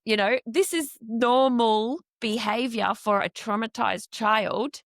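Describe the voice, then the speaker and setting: A woman's voice: a little high, slow pace, hardly any pauses, no echo, clean studio sound. A woman hosting an interview, talking earnestly and emphatically as a foster carer. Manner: earnest, emphatic, acts out quoted speech.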